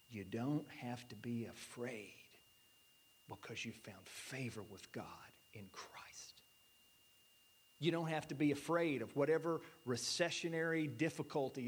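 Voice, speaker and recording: A man in his thirties preaching a sermon in earnest, often dropping to a soft, near-whispered voice for emphasis. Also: a little high, lively intonation, normal speed, breathy edge. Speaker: pastor. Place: church.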